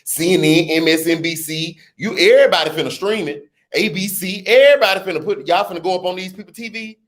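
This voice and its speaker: A middle-aged man with a New Orleans accent, talking casually to camera about politics, with lively rhetorical questions and teasing asides. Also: high-pitched, fast. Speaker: political commentary vlogger. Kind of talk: casual explainer vlog.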